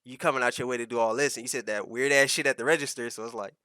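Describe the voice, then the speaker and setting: Give me a young man with a bright, smooth voice rambling through a profane story on a podcast. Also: medium pitch, fairly even intonation, very fast, no room sound, studio quality. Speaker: podcast co-host. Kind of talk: casual podcast chat.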